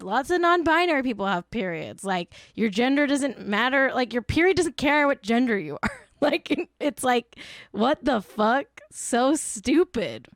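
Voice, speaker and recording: A woman's voice: high voice, big pitch swings, a little slow, no room sound, studio quality. A young woman hosting a casual commentary show, ranting bluntly with lots of swearing and exasperation. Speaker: podcast host.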